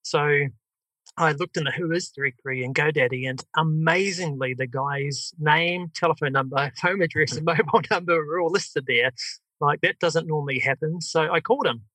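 Middle-aged New Zealand man, business guest, chatty with frequent laughs, bright upper voice, dry sound. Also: fairly high pitch, moderate pace, no room sound, rough recording. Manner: chatty, laughs often, many fillers. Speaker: guest, software company CEO. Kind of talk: podcast interview, telling his story. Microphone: video call.

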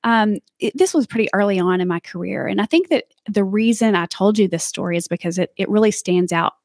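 A woman's voice: mid-range voice, a little fast, no room sound, studio quality. A woman from South Arkansas, telling stories as a realtor guest in a casual, chatty way. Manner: warm, chatty, many "you know" fillers. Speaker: real estate agent guest. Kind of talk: casual interview storytelling.

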